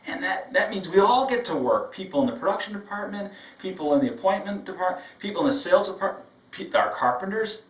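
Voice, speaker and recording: A man's voice: on the high side, fairly bright tone. Male owner as trainer. Upbeat, conversational lecture style, distant from the mic in a roomy space. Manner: upbeat, conversational, often asks "right?". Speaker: business owner training staff. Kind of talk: training lecture with phone role-play. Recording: echoey room, mic far off.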